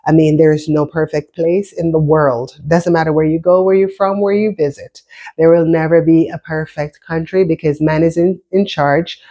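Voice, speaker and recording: A woman's voice: deep voice, fairly even intonation, moderate pace, warm tone. A woman in her fifties from Jamaica, long settled in America, speaks with a mixed Jamaican-American accent. She tells her own story to the camera in a loose, chatty vlog style, stopping to restart and repeat words as she goes. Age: 50s. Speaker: vlogger. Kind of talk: casual personal storytelling.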